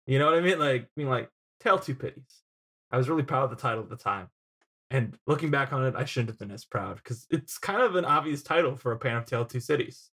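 A man's voice: mid-range voice, animated, fast, fairly bright tone, breathy edge. A young man co-hosting a casual film podcast, telling rambling stories and laughing as he goes. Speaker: podcast co-host.

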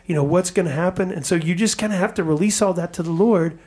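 A man hosting a church podcast, talking in a reflective, halting way with many restarts. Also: high-pitched, a little mellow. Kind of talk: casual chat.

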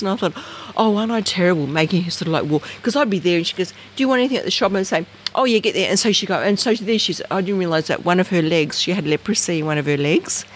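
An Australian woman, an interview guest, telling a personal story in a lively way and acting out the voices and sounds in it. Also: on the low side, a little hiss or hum. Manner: animated, acts out voices and sounds.

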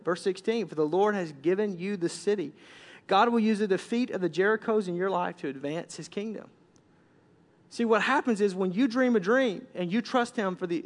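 High-voiced preaching man in a reverberant hall. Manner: animated preaching, swings from loud to hushed. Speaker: pastor. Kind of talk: sermon. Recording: long reverb of a large hall.

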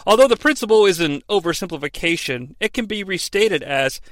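A man's voice: sits high, expressive, brisk, fairly bright tone, no echo. A man hosting a comedic recap, sarcastic and profane, dropping into exaggerated voices for quotes. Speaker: podcast host recapping wrestling.

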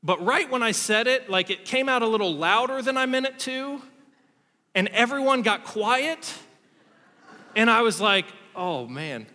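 A man's voice: extremely high pitch, normal speed, bright, forceful tone, in a large hall. A man in his thirties preaching a sermon, telling a story about himself and acting out the quotes in it. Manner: storytelling, self-deprecating, acts out quotes. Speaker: pastor.

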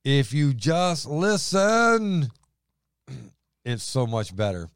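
A man's voice: medium pitch, sing-song, extremely slow, clear, resonant tone, no echo, clean studio sound. A man co-hosting a faith talk who reads scripture aloud and repeats words for emphasis. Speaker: co-host reading scripture.

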